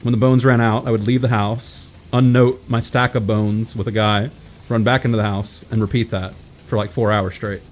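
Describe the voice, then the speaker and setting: A man's voice: on the low side, fairly even intonation, normal speed. An American man streaming a coop game, casually chatting and teasing his friend. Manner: teasing, joking. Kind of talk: casual chat while gaming.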